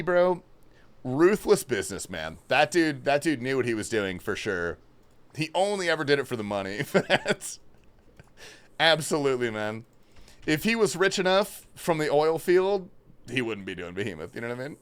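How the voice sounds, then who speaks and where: A man's voice: on the high side, big pitch swings, normal speed, clean tone. A man streaming a game live, chatting casually with viewers, laid-back and swearing often, calling everyone bro and man. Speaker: livestreamer. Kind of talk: casual gaming livestream chat.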